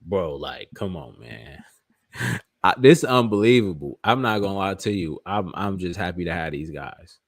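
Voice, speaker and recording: Hyped up guy reacting to clips, lowish voice, dry sound, keeps saying bro and this is wild. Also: moderate pace, no room sound. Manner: excitable, repeats himself, slangy. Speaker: fan channel host. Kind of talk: casual reaction commentary.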